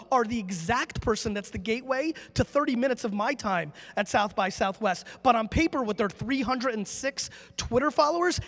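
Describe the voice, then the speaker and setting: Brash, high-voiced man on a reverberant stage. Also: a bit bright. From United States. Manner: brash, emphatic, profane, high-energy. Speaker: conference speaker. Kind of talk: live stage talk with audience Q&A. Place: large conference hall. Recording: long reverb from a conference hall.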